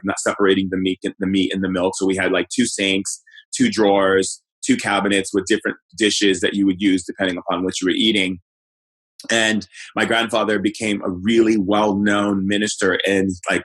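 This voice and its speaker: A middle-aged man and shaman guest, recounting his childhood in a relaxed, searching way with many fillers and restarts. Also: low-pitched, poor audio. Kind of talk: personal storytelling in an interview.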